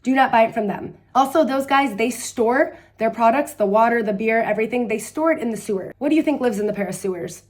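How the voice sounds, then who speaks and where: Brief: woman vlogger, rapid chatty delivery, fairly high voice, blunt and sarcastic. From United States. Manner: chatty, animated storytelling with quoted voices. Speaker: travel vlogger. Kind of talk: casual advice vlog.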